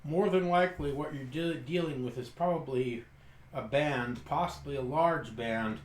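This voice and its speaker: A man with a somewhat high voice narrates a tabletop game as game master. He trips over words and restarts his lines as he goes, and the recording carries a roomy echo. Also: moderate pace, a little hiss or hum. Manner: stumbling, restarting descriptions.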